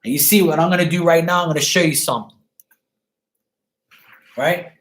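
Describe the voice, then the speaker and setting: The host of a live chat show, a man with a fairly high, fairly bright voice, talks briskly as he gives a viewer advice in a casual chat. He's emphatic and repetitive, swears freely, and keeps asking "right?" The room is echoey.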